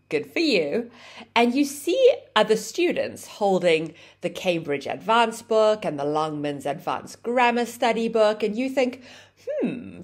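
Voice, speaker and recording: A woman with a mid-range voice teaches English grammar, giving clear explanations and dramatizing example phrases with exaggerated rising and falling intonation.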